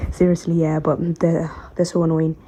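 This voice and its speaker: A tired woman venting to the camera about her workplace, frustrated and pausing to collect herself. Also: low voice, little pitch movement, warm tone, slightly rough. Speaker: storytime vlogger. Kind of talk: emotional personal vent.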